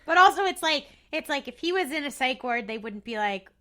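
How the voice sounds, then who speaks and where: This woman co-hosts a podcast, and her voice is bright and crisp, sitting a little higher than average. She comments loosely with fillers and laughs easily. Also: animated, brisk. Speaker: podcast co-host. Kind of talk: casual chat.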